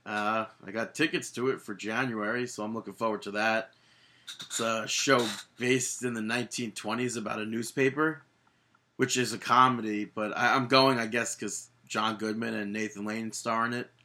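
Excitable young man with a bright voice. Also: lowish voice, normal speed. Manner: enthusiastic, laughs often, trails off mid-sentence. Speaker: podcast co-host. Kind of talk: casual podcast chat.

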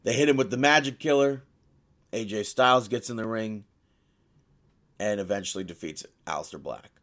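A man co-hosting a casual chat podcast, rambling and halting, with frequent laughter. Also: on the low side, a bit bright. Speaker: podcast co-host.

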